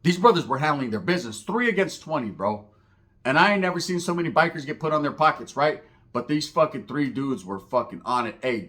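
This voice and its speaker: Dude from norcal telling a wild story, cussing, super lively voice going up and down. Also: male voice, on the high side. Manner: animated, profane, slangy, acts out voices in the story. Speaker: comedic storyteller. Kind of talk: comedic street storytelling monologue.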